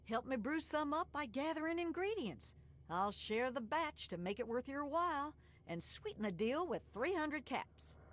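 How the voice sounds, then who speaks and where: A sly, sickly countrywoman from a video game. Her voice sits high and swoops all over the place. She drawls in a folksy, sweet-talking way. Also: sing-song, moderate pace, a bit bright. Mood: coaxing. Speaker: game character.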